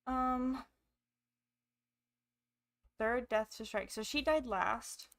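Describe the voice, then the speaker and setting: A woman with the hiccups giving excitable let's play commentary, thinking aloud as she plays. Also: on the high side, drawn-out words. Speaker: gamer.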